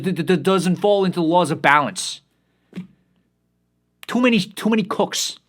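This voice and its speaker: A young man hosting a solo podcast, ranting heatedly, swearing constantly and repeating himself as he restarts. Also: on the high side. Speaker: podcast host. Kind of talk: profane solo rant.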